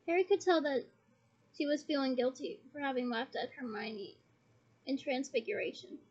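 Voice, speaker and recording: High-voiced woman reading a novel aloud. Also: moderate pace, a little mellow. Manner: playful, giggly asides to listeners. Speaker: audiobook reader. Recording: dull lo-fi recording.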